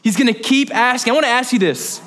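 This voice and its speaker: A young male pastor delivers a sermon loosely and conversationally, packed with jokes and asides. He speaks fast, sounding animated and relaxed, his voice high, bright and forward.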